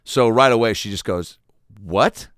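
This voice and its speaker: Male podcast host, low register, very animated delivery, profane and self-deprecating, dry close recording. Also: moderate pace, clear, resonant tone, dry recording. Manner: animated, profane, rambling storytelling. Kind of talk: casual comedic solo monologue.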